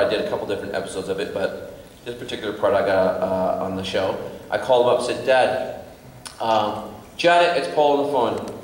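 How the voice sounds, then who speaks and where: A man's voice: fairly low pitch, a little hiss or hum. A man from Scotland, an actor telling chatty, rambling stories at a convention panel. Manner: chatty, rambling, many fillers. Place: large convention hall. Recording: echoey convention hall, distant mic.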